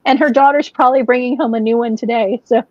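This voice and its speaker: A woman's voice: a little high, steady tone, fast, dry recording. Easygoing woman co-host, lo-fi and dry. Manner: rambling, easygoing. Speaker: podcast co-host. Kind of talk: casual chat. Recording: dull, lo-fi sound.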